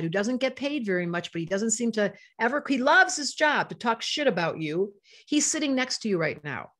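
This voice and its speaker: An older woman with a mid-range voice gives a live online astrology lesson, full of passion and emotion. Between points, she reads out comments from the chat.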